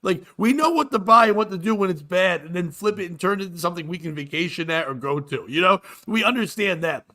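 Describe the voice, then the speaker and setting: A man's voice: high-pitched, lively intonation, quick pace, few pauses, bright, forceful tone. A man hosting a comedy podcast, joking and rambling crudely in casual chat. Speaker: podcast host.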